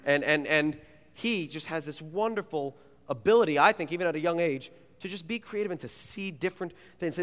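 A man, a youth pastor, preaching a sermon and telling stories in an animated, playful way. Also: on the high side, a little fast. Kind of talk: sermon with personal storytelling. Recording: long reverb of a large hall.

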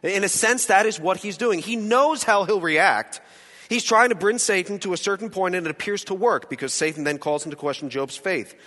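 A man with a high, lively voice teaches scripture to a group, throwing in jokes and asking the room questions. His tone is bright and sharp. The sound rings with the long reverb of a hall. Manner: animated, joking asides, rhetorical questions. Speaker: Bible study teacher. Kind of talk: conversational Bible teaching.

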